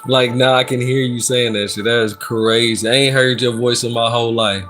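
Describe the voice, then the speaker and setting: A man's voice: mid-range voice, fairly even intonation, moderate pace. Laid-back man doing tarot readings live. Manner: laid-back and slangy, reads out chat and gives shout-outs. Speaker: tarot reader and live streamer. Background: background music.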